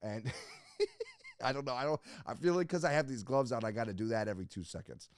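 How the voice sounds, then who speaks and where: A man's voice: mid-range voice, huge pitch swings, fairly quick. A young man hosting a casual solo podcast, rambling and joking with plenty of swearing, self-mocking while stuck in a hot costume. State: in a hot Halloween costume with gloves. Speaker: podcast host. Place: home podcast setup with laptop.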